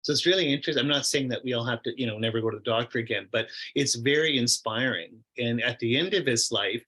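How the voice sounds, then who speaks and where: A man's voice: medium pitch, quick pace, bright, forceful tone, husky, poor audio. Chatty man telling a teaching story. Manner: chatty and rambling, many fillers, quoted asides. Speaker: Buddhist meditation teacher. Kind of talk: casual storytelling in a Q&A discussion.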